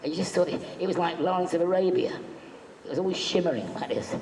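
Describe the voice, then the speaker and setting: Man on a convention panel, chatty joker with a fairly high voice, recorded in a large reverberant hall. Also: lively intonation, fast talker, gravelly, darkish tone. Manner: jokey, chatty, acts out quotes. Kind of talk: anecdotal storytelling to a live audience. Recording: echoey hall, faint background noise.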